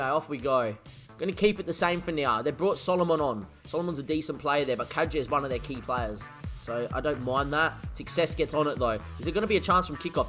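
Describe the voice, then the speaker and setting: Guy streaming a football game, bright high voice, goes from mumbling to yelling. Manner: excitable, swings from muttering to shouting. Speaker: gaming streamer. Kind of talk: live football game commentary.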